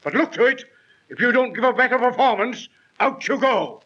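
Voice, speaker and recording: A man playing a gruff, impatient theater manager in a 1930s radio drama, scolding and blustering. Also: very high voice, animated, moderate pace, fairly bright tone, exaggerated voice. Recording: muffled 1930s transcription disc.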